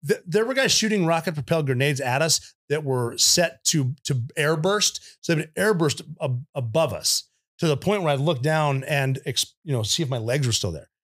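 Veteran male guest, slightly high voice, blunt and profane, lively anecdote teller. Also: moderate pace. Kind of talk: casual war storytelling.

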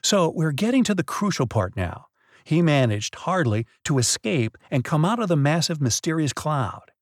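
A man's voice: a little high, big pitch swings, moderate pace, no room sound, clean studio sound. A man co-hosting a podcast, patiently telling a mystery story with dramatic build-ups. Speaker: podcast co-host. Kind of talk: casual storytelling chat.

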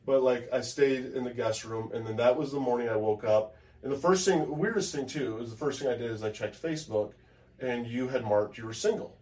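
A young man talks in a slow, halting way, often restarting as he reflects. His voice sits at an ordinary pitch. He sounds a little off the mic, in an echoey room. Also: darkish tone. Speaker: podcast co-host. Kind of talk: casual personal chat. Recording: roomy echo, from far off the mic.

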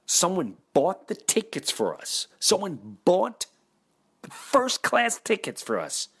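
Animated man telling comic stories. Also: high-pitched, takes it slowly, husky. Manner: animated, exasperated, acts out voices. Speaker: comedian, podcast host. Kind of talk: comic storytelling.

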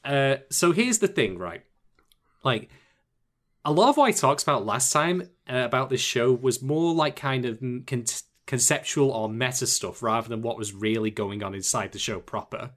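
Male podcast co-host, tipsy, rambling, self-mocking, very lively pitch. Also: moderate pace. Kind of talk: casual podcast chat.

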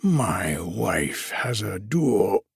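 Man doing a huffy old gent, stuffy and outraged, slow, gravelly voice. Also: on the low side, sing-song, no echo, clean studio sound, heavily acted. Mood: growling. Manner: pompous, outraged and stiffly formal. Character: indignant old gentleman, fussy hotel guest.

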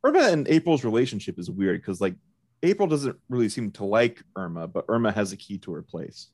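A man's voice: on the low side, sing-song, fairly quick, darkish tone, no echo, clean studio sound. A man co-hosting a podcast, chatting casually with wry, joking complaints. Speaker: podcast co-host. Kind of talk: casual chat.

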